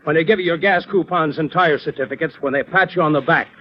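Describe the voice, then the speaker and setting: A stern, lecturing company boss with a fairly high voice, played by an actor, dry and sarcastic when pushed. The sound is dull and lo-fi, like an old radio broadcast. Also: male voice, fast, slight background noise, close to an everyday voice. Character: Mr. Evans, a gruff, principled male boss. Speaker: insurance company owner. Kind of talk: 1940s radio acting.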